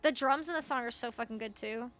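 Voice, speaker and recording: A young woman streaming a game, chatting casually and excitedly with her viewers, laughing and swearing freely. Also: on the high side, fast talker, soft background music. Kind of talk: casual live-stream chat.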